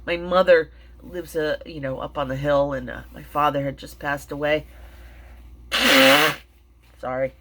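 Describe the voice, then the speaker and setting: Halting, shaken woman telling a sad story. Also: sits low, steady tone. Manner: halting, many fillers and restarts. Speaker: vlogger and mindfulness teacher. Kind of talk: emotional personal storytelling.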